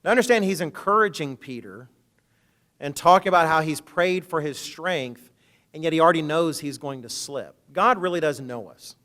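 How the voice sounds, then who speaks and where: Man, preacher, sermon, higher-pitched voice, dramatic volume swings, casual asides. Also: lively intonation, normal speed. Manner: dramatic, swings between loud emphatic quotes and low hushed asides; conversational and jokey between scripture readings. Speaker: minister.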